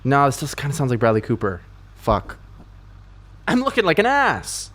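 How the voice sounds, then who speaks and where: A male podcast host talking in loose, casual chat, with a middle-pitched voice. He rambles and swears freely, and he pokes fun at himself as he goes. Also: huge pitch swings, normal speed, a bit bright. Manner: rambling, profane, self-mocking.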